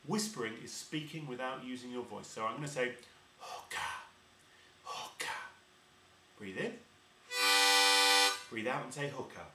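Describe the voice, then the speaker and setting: A man's voice: medium pitch, fast talker, few pauses, distant mic, over loud music. A man teaching harmonica step by step, patiently explaining and demonstrating each sound. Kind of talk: step-by-step instrument lesson. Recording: roomy echo.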